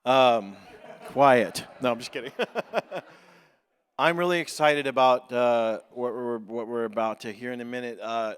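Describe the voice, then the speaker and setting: A man, a pastor, giving an informal, joking introduction at church, halting with lots of fillers. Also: medium pitch, smooth. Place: church sanctuary. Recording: long hall reverb.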